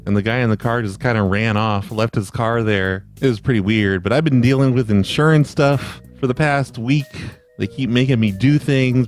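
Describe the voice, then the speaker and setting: A man hosting a prank-call podcast, speaking in a casual, deadpan way at an ordinary pitch. His sarcasm stays dry and unhurried while he chats straight to his listeners. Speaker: podcast host and prank caller.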